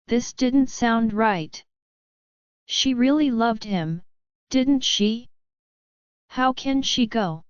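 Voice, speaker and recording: Slow, smooth-voiced woman narrating. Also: a little high, no echo. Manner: measured, dramatic storytelling. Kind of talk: scripted story narration. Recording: slightly dull, dry recording.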